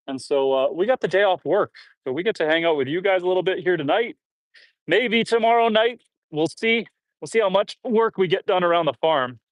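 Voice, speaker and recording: Shoveling manure outdoors on his farm, a Canadian homestead livestreamer chats casually with viewers and reads their comments. His voice sits high and is picked up by a phone with no echo. Slightly out of breath, he grunts and sighs between loads.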